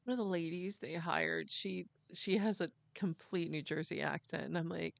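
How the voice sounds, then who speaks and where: A middle-aged American woman chatting on a podcast, her fairly low voice carrying a gravelly edge. She rambles easily through fillers and restarts. The sound is dry and close. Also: very animated, normal speed, no room sound. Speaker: podcast co-host, mother. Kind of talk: casual chat.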